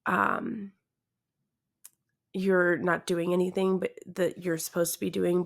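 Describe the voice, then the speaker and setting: Woman podcast host, young, unhurried delivery, sleepy and self-conscious, frequent laughs. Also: on the low side. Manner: awkward, self-deprecating, laughs often. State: tired, yawning. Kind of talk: casual solo podcast chat.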